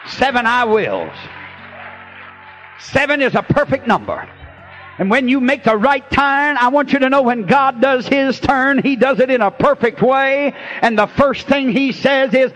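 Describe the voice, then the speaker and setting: Male revivalist preacher, soaring animated delivery, folksy storyteller, loud call-and-response sermon. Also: very high voice, faint music behind. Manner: preaching with shouted, drawn-out refrains and folksy storytelling. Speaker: pastor. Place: church before a congregation.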